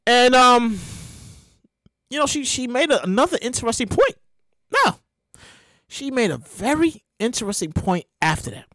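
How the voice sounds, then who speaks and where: A woman telling a story in a casual monologue, talking fast, laughing often and swearing freely. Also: fairly high pitch, sing-song, fairly bright tone, no echo.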